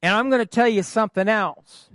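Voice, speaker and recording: A man's voice: sits high, fairly quick, fairly bright tone, no echo. A man preaching a sermon from the pulpit, calling for answers from the congregation, with folksy humorous asides. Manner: call-and-response with the congregation. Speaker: pastor. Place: church, at the pulpit.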